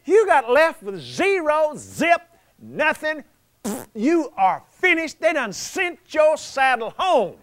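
A man preaching a folksy sermon, telling the story with chuckles and animated storytelling. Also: very high-pitched, takes it slowly, no echo.

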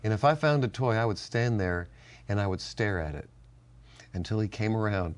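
An older man from the United States co-hosting a Christian talk show, sharing family stories and faith in an animated way with frequent laughter. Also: lowish voice, moderate pace. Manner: animated storyteller, laughs often. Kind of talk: casual faith-based chat.

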